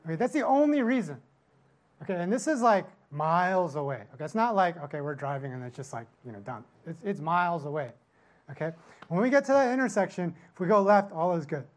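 Middle-aged male pastor, casual sermon storyteller, a bit high-pitched, keeps asking "right?". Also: very animated, a little fast. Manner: storytelling with constant "right?" tag questions. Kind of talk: conversational sermon.

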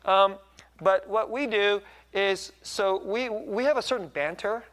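A man's voice: sits high, a little slow, a bit bright. A middle-aged man preaching in a conversational, self-deprecating way, often checking in with tag questions. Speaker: pastor. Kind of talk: conversational sermon.

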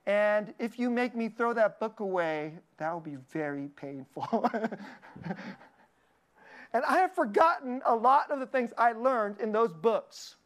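A woman's voice: a little high, expressive, slow pace. A woman giving a sermon as though chatting with friends. She laughs often, trips over her own words and restarts them, and drops in asides to keep it loose. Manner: conversational and jokey, laughs often, many restarts. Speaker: preacher.

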